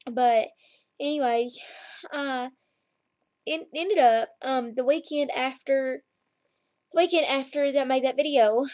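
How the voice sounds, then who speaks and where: A woman's voice: high-pitched, a little mellow, dry recording. A woman, chatting and rambling through a story as she vlogs from home on her laptop camera. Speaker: vlogger. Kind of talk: casual chat to camera. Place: at home, lying down. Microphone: laptop webcam.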